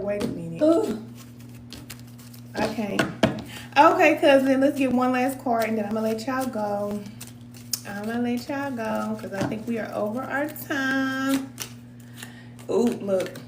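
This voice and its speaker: A woman's voice: a little high, echoey room, noisy background. A woman, chatting casually on a live stream, laughing often and reading viewer comments aloud. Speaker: spiritual advisor reading cards for a live chat.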